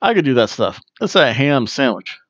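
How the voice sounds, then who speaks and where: A man recaps wrestling in a loose, rambling way, cracking jokes and slipping into goofy chants. His voice sits at a middle pitch and sounds a little dull and muffled. The recording is dry, with no room echo. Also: big pitch swings, normal speed, a bit bright. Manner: jokey, breaks into chants and sing-song bits. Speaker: podcast host reviewing wrestling.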